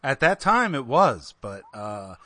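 A man's voice: medium pitch, very animated, takes it slowly, bright, forceful tone, no room sound. A man co-hosting a podcast in casual chat, blunt and joking, with some swearing. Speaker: podcast co-host.

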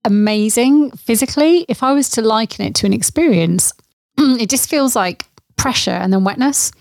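A woman's voice: on the high side, moderate pace, gravelly, a little mellow, no room sound. A woman hosting a podcast, blunt and teasing in casual interview chat. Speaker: podcast host.

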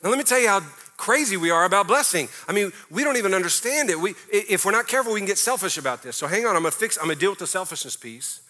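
Speaking very fast in a high, bright, expressive voice, a middle-aged male pastor delivers a sermon. He addresses his congregation emphatically and conversationally, often throwing in playful mock prayers.

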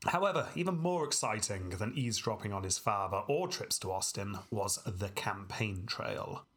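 A man's voice: fairly low pitch, animated, moderate pace, fairly bright tone, husky. A man co-hosting a podcast, casually narrating history with a dry, wry humor and frequent laughs. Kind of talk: casual storytelling chat.

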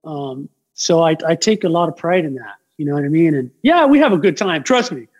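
A man who works as a tattoo artist, chatting casually as a podcast guest and telling stories in a rambling, animated way with lots of fillers. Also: a little high, fairly quick. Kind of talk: casual podcast chat, storytelling.

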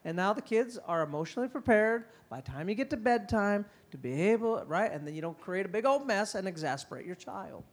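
Animated middle-aged man giving a talk. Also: sits high. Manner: animated, acts out parents and kids in quick quoted voices. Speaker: conference speaker on parenting. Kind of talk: conference talk.

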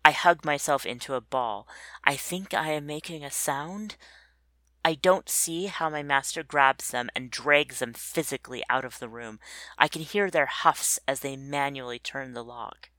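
A narrator reading a first-person story in an introspective, measured way. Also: medium pitch, bright, forceful tone, no echo.

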